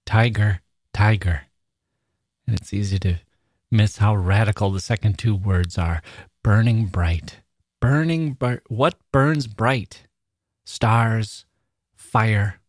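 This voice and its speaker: A man's voice: on the low side, no room sound, studio quality. A man hosting a literary podcast, talking with enthusiasm about a poem and reading lines aloud with emphasis. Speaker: podcast host.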